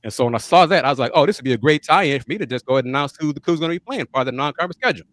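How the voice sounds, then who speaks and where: A man's voice: a little high, lively intonation, very fast, fairly bright tone, no echo. A man hosting a casual sports talk show, chatting through news and calling on his panelists by name. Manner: conversational, calls on panelists by name. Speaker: podcast host.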